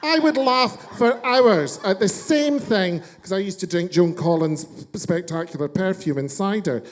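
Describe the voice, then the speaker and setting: A man's voice: high voice, unhurried. A man hosting a casual chat show, ranting brashly with lots of swearing and jokes. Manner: brash, sweary, joking rants.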